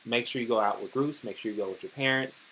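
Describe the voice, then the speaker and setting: A man's voice: mid-range voice, fast, bright, forceful tone, slight background noise. A man giving a casual, rambling news commentary on his vlog, talking loosely and filling his sentences with "you know" and "like.". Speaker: vlogger.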